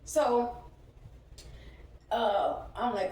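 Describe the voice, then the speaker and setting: A woman's voice: medium pitch, takes it slowly, long pauses, darkish tone, very echoey, distant mic, a little hiss or hum, rough recording. A young woman vlogging outdoors while walking along a street, telling a profane, heated story on her phone. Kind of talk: casual ranting vlog.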